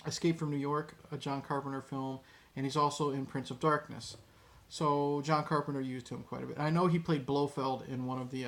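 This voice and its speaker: A man giving a casual, rambling movie review, with many pauses and restarts, dropping his voice to quote lines. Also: mid-range voice, vocal fry.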